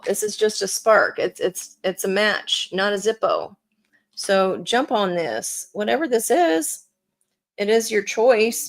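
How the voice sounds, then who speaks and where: A woman giving a live tarot reading, chatty and encouraging, with plenty of fillers. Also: medium pitch. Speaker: tarot reader.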